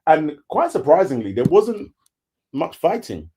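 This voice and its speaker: Teasing man with animated pitch. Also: measured pace, background noise. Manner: teasing and blunt. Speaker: co-host reviewing a reality show. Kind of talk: casual chat.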